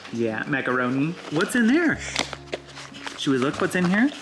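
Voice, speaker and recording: A woman's voice: deep voice, big pitch swings, normal speed, heavy background noise. Sing-song mother doing baby talk. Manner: sing-song, coaxing, imitates animal sounds.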